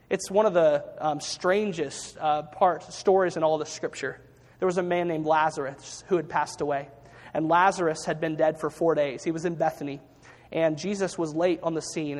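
A man's voice: a little high, steady tone. Earnest preaching man in a reverberant hall. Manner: earnest, restarts often, slows for emphasis. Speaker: pastor. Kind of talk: sermon.

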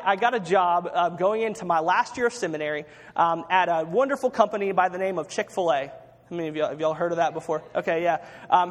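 A man's voice: high-pitched, in a large hall. A man preaching a chatty sermon, drawing the congregation into call-and-response, with plenty of ums and restarts. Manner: chatty, with audience call-and-response and frequent fillers. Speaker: pastor. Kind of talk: conversational sermon.

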